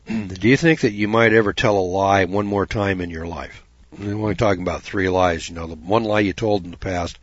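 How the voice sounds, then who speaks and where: A man's voice: deep voice, breathy edge, dry recording. A man giving a folksy, preaching talk, rambling, repeating "you know" and putting questions to his listeners. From United States. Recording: dull dry lo-fi recording.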